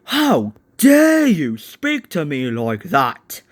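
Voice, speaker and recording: A man's voice: on the high side, huge pitch swings, extremely slow, dry recording, full character voice. A man doing a pompous big engine. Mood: haughty. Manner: boastful, condescending.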